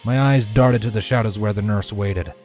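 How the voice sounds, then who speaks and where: A man narrating a fanfiction story in measured first person, dropping to a hush for his own dialogue, with faint music behind. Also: fairly low pitch. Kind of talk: fanfiction audiobook reading.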